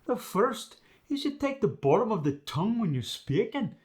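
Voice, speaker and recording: A man's voice: high voice, sing-song, moderate pace. A Scottish man as a guest coach, patiently explaining speech techniques step by step. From Scotland. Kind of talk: instructional explanation.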